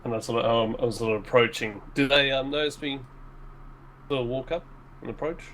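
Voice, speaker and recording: A man's voice: medium pitch, a little fast, fairly bright tone, slight background noise, rough recording. A man playing a tabletop game, rambling and hedging with lots of fillers as he describes his moves. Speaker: player. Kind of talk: casual tabletop game chat.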